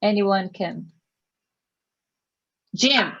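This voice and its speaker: A woman's voice: medium pitch, drawn-out words, creaky, fairly bright tone, lo-fi sound. An older woman from Brazil, hosting a casual panel chat over a video call and inviting each guest to speak. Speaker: panel host, veterinary professor.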